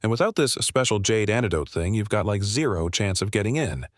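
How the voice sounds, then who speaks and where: A man reading the lines of a weary old village grandfather who speaks deadpan. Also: fairly low pitch, brisk, no echo, studio quality, close to an everyday voice.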